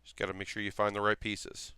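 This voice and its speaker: A young man from South Carolina chats while building a model kit on a live stream, reassuring viewers and thinking aloud with restarts. His voice is fairly low, monotone, quick, bright, and very clear, captured close and dry on a desk mic with no room sound.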